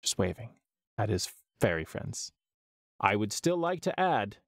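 A man's voice: on the low side, vocal fry, dry recording, clean studio sound. A man co-hosting a podcast who reacts with jokes and exclamations while reviewing a film in casual chat. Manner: animated, quick to joke and exclaim. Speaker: podcast co-host.

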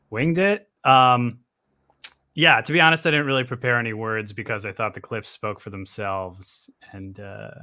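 Bright-voiced man rambling in a debate. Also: lowish voice. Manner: rambling with many fillers. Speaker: comedy group member arguing a debate. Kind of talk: casual comedic debate livestream.

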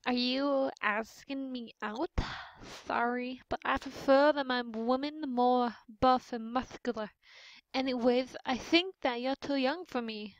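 A haughty, teasing man from a game, as a woman puts him on drawls his rejection slowly and with a mocking edge. The voice sits a touch high for a man. It comes through a dull, dry home microphone. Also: no room sound. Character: flippant, teasing adult man turning down a date.

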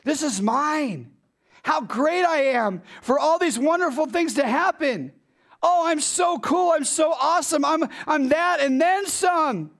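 A man's voice: very high voice, animated, a bit bright, voice pushed up, full character voice. A man putting on a gloating, boastful king. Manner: smug, gloating, drawn-out boasts. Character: boastful, self-admiring ancient king.

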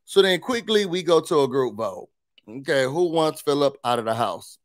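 A man with a somewhat high voice hosts a casual reality TV recap. He speaks emphatically and sprinkles in blunt, opinionated asides. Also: lively intonation, normal speed.

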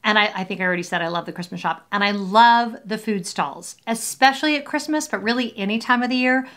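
A woman's voice: mid-range voice, fast talker, fairly bright tone. A woman hosting a casual unboxing video, talking in a cheerful, rambling way and joking about herself. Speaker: vlogger host.

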